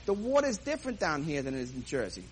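A man's voice: a little high, huge pitch swings, fast talker, a little hiss or hum, rough recording. A man playing a bossy, meddling woman from Jersey who gives insistent, dire warnings.

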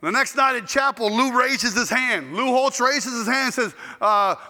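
In a long, echoing hall, a high, bright-voiced male preacher moves at a moderate pace through a sermon made of stories. He is animated and playful, acting out the people involved.

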